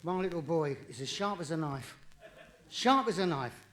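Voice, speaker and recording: A man doing live stand-up comedy, cheeky and quick, with jokes that rise into punchlines. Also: fairly high pitch, expressive, fairly bright tone. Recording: vinyl live recording, audience laughter, distant.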